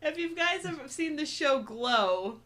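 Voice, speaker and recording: A woman's voice: high voice, lively intonation, slow, fairly bright tone. A woman in her thirties co-hosting a casual live chat, bubbly and enthusiastic. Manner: bubbly, enthusiastic, laughs often. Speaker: co-host.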